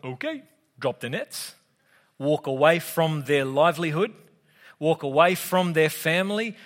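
An Australian man preaching a sermon in a relaxed, conversational way, with humorous asides, as a pastor with young kids. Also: fairly high pitch. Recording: long hall reverb.

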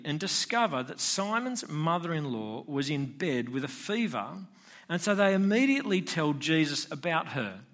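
A man's voice: on the high side, a bit bright. A man preaching a sermon in a conversational style, posing rhetorical questions to his listeners. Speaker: pastor.

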